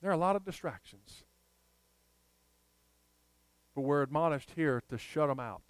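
A man preaching a sermon, telling a Bible story in a lively way and acting out the characters. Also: fairly high pitch, fast talker, clean tone, no echo, low-quality recording. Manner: animated storyteller acting out scenes. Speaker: pastor.

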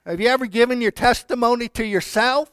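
A man preaching a sermon with fervor, swinging from quiet talk up to shouted declarations. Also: very high voice, a little fast, clear, resonant tone, dry recording. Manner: fervent, rising to shouted declarations.

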